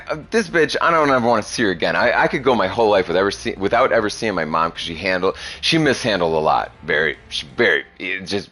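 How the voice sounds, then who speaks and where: A man's voice: low voice, fairly bright tone. A young man streaming, chatting casually with a young viewer, crude and profane, rambling and laughing often. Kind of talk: casual chat.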